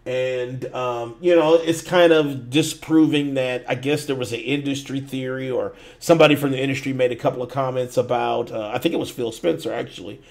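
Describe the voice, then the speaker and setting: Dude hosting a gaming podcast, casual and sweary, mid pitch. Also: male voice, fairly even intonation, gravelly, a little mellow. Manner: loose, swearing, drawn-out phrasing. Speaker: podcast host. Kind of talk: casual chat.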